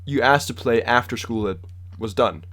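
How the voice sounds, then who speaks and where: A man's voice: medium pitch, normal speed, fairly bright tone. A young man co-hosting a podcast, joking and teasing in casual chat. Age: young adult. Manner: jokey, teasing banter. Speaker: podcast co-host.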